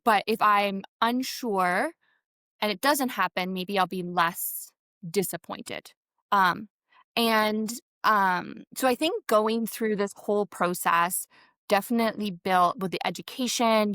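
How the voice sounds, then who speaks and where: A woman's voice: mid-range voice, fairly bright tone, dry recording, clean studio sound. A woman guest telling her story in a rambling conversational way, full of fillers, and acting out what people said. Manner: rambling, many fillers, acts out quotes. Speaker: podcast guest. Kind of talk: conversational interview.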